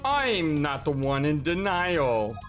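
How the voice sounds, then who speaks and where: A game streamer reading a composed male prosecutor in a lower, slow, cutting voice. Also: sing-song, faint music behind. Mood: cold. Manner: low, deliberate and cutting.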